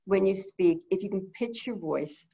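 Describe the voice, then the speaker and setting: Teaching a webinar as a guest bird behavior consultant, a middle-aged woman speaks quickly and rambles with lots of fillers into a video call mic. Her low-set voice is dark and husky with vocal fry, and the audio is dull.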